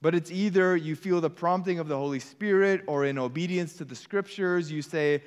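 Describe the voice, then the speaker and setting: A man's voice: on the high side, normal speed, hardly any pauses, in a large hall. A man preaching a sermon in an earnest, conversational way, with casual asides to the congregation. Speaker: pastor.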